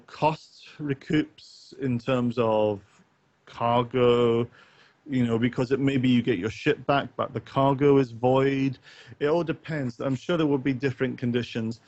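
A man's voice: mid-range voice, fairly even intonation, slow, a little mellow, no room sound, dull audio. A man co-hosting a late-night gaming stream, rambling in a casual chat full of fillers, restarts and offhand swearing. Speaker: co-host of a gaming talk stream.

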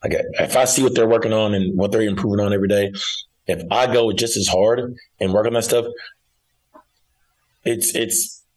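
Deep husky-voiced man telling stories. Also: steady tone, moderate pace, long pauses, rough recording. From Arkansas, United States. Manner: casual, repeats and restarts often. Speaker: college basketball coach. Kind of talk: casual interview storytelling.

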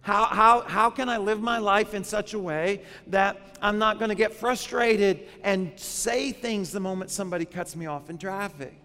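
Man, pastor, high-pitched, casual sermon, asks the crowd questions, reverberant church hall. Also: normal speed, few pauses, bright, forceful tone. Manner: conversational preaching with rhetorical questions to the congregation.

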